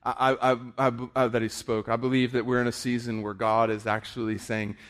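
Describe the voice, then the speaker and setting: A man delivers a fervent sermon, hammering home his points by circling back to the same phrases. His voice sits at an ordinary middle pitch for a man. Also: little pitch movement, a little fast, fairly bright tone. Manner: impassioned preaching with repeated phrases. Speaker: preacher.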